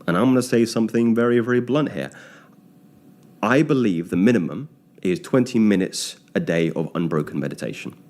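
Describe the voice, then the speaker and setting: A man with a somewhat low voice delivers a blunt, lecturing monologue. He speaks emphatically and often stops to correct himself mid-sentence. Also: animated, a little fast, a little mellow. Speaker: speaker on self-discipline.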